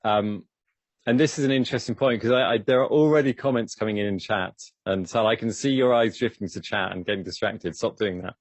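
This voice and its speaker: A man's voice: lowish voice, a little fast, dry recording. A man from the UK co-hosting a livestream and asking questions with lots of hesitations. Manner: hesitant, many fillers and restarts. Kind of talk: livestream interview.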